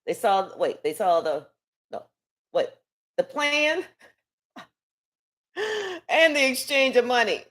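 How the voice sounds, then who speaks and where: A woman reading tarot live in a loose, rambling, conversational way, with plenty of restarts and casual swearing. Her voice sits a little on the high side. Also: sing-song, slow, long pauses, a bit bright. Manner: rambling, chatty, swears freely. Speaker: tarot reader.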